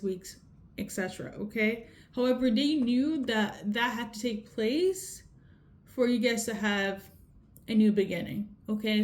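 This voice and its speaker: A woman's voice: a little high, a little mellow. A woman giving a casual tarot reading, talking straight to viewers and checking in with a frequent "okay?". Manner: repeats "okay?" often, conversational. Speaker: tarot reader. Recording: echoey room with faint noise.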